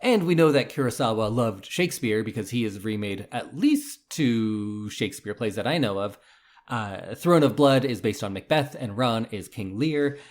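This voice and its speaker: A man's voice: on the low side, animated, normal speed. A man co-hosting a podcast, explaining a classic film's history and characters in a casual, storytelling way. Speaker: podcast co-host. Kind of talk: casual film discussion.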